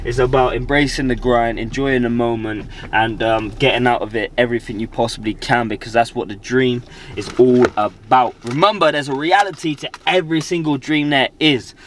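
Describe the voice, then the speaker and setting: A man's voice: mid-range voice, steady tone, moderate pace, a bit bright, a little hiss or hum. A British man, a motivational speaker, talking casually and energetically to camera in his vlog, with slangy pep-talk asides. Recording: background music clearly audible.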